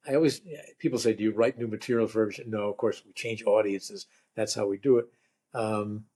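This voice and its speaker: An older man, a rabbi turned comedian, telling stories and jokes in a relaxed, wry conversational way. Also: on the low side. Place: lives in Vermont.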